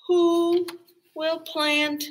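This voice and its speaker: A woman's voice: flat delivery, very slow, full character voice. A woman voicing a hardworking, patient little red hen who calls out to the other animals in a raised, hopeful voice. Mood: calling. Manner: calling out with raised, hopeful pitch.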